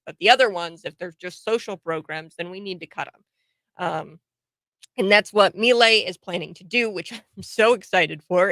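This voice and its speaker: A woman's voice: on the low side, creaky, dry recording. A woman hosting a casual political commentary show, talking to camera with lots of fillers, restarts and laughs. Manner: animated, laughs often, frequent fillers and restarts. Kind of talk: casual opinion monologue to camera.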